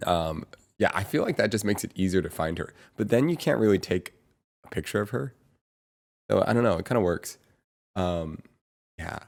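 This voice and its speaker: A man's voice: low voice, animated, normal speed, creaky, long pauses. A man chatting casually on a stream, rambling and searching for words with lots of fillers and the odd chuckle. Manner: chuckles between phrases. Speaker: streamer's brother, guest on stream. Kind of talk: casual chat.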